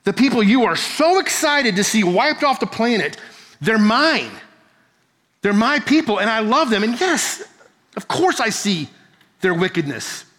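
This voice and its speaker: A man's voice: high voice, very animated, measured pace, fairly bright tone, pitched above the performer's own voice, full character voice. A man voicing God as a patient, pleading figure in a sermon retelling, pressing his point with repeated questions and calling the listener by name. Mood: impassioned, pleading. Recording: long reverb of a large hall.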